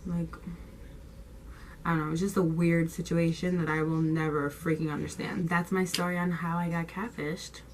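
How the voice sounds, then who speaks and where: This young vlogger has a fairly low voice and talks at normal speed, telling an animated storytime tale full of slang and free swearing while she acts out what others said. The recording is rough, with slight background noise.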